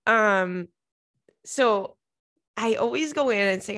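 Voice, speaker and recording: Her mid-range voice has a fairly bright tone and a moderate pace as she casually tells funny stories to camera. The young woman laughs often, swears without restraint, and keeps calling her listeners "girl", dropping "like" constantly.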